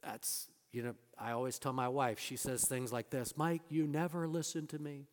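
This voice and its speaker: A man preaching a sermon in a church. He speaks emphatically and at times drops to soft, hushed lines. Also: mid-range voice, level tone, moderate pace. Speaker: pastor. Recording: reverberant hall sound.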